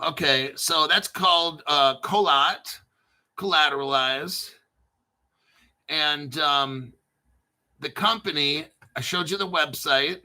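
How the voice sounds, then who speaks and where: A man in a loose, unscripted crypto stream, jumping between jokes, stories and coin talk with plenty of swearing. His voice is very bright and sharp, sitting a touch higher than most men's, and he takes his time with his words. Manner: rambling, profane, jokey. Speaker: crypto YouTuber. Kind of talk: casual unscripted livestream talk.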